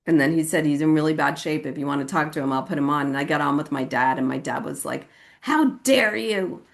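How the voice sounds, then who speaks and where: A woman's voice: level tone, quick pace, creaky. A woman from California sharing her personal recovery story at a meeting, chatty and casual, often saying "like" and acting out quoted voices. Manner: casual and chatty, with frequent "like" and "you know what I mean"; acts out quoted voices with sudden high pitch.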